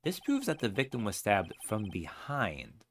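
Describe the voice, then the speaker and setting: A man's voice: on the low side, huge pitch swings, measured pace, slight background noise, full character voice. A man voicing an earnest young male defense lawyer who presses a witness, in a voice close to his own. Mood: pressing.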